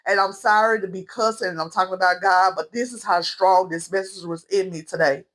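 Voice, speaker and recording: A woman's voice: medium pitch, fairly even intonation, brisk, few pauses, a bit bright. A young woman vlogger giving an emotional, earnest spiritual message straight to her viewers, calling them y'all. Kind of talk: heartfelt spiritual vlog monologue.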